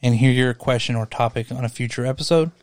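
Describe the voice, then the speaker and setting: A man's voice: mid-range voice, fast talker, dry recording, clean studio sound. A man co-hosting a casual movie podcast, rambling through his thoughts with many fillers and restarts. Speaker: podcast co-host.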